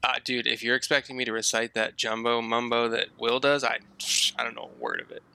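A man's voice: medium pitch, very animated, a little fast, gravelly, sharp tone, clean tone. A man dropping in as a guest on a podcast, laid-back and self-deprecating. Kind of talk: casual podcast chat.

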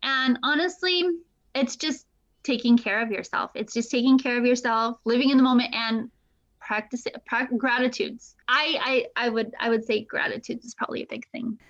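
A woman's voice: fairly high pitch, steady tone, moderate pace, a bit bright, muffled recording. A woman guest telling her own story candidly, with fillers and laughs. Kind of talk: casual interview talk.

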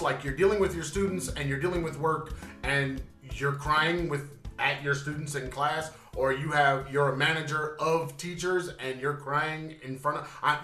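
A man's voice: a little high, bright, forceful tone, echoey room. A man co-hosting a casual podcast, talking bluntly and ranting about work. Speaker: podcast co-host, teacher. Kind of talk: casual chat.

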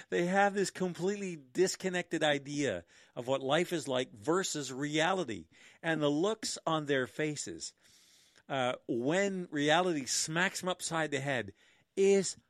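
A man's voice: a little high, animated, slow pace, fairly bright tone, dry recording, clean studio sound. A middle-aged man telling stories in a casual monologue, with a sardonic, mocking tone and chuckling asides.

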